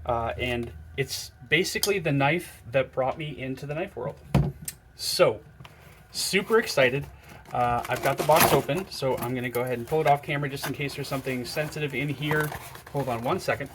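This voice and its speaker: A man excitedly unboxing and looking over a knife in a casual vlog, gushing and chatting to his viewers. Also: mid-range voice, moderate pace, background noise. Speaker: knife collector vlogger.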